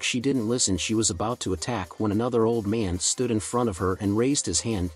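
Low-voiced man reading a fan story. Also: fairly quick, few pauses. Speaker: narrator. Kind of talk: reading fan fiction aloud.

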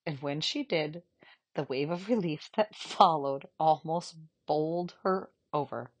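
A woman reading a children's novel aloud in a calm, measured narration. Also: deep voice. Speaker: audiobook reader. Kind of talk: storybook narration.

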